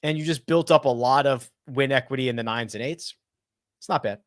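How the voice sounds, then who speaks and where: A man hosting a casual live-stream chat, thinking out loud and correcting himself as he answers viewer questions. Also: mid-range voice, no echo, studio quality. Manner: animated and chatty, thinks out loud with quick self-corrections. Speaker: host of a golf betting and fantasy live chat.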